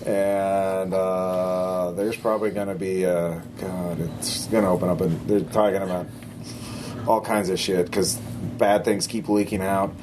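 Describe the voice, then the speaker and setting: A man's voice: low voice, level tone, a little slow, voice pushed down. A man voicing a weary small-town police officer who swears and lectures bluntly. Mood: stern. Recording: noisy background.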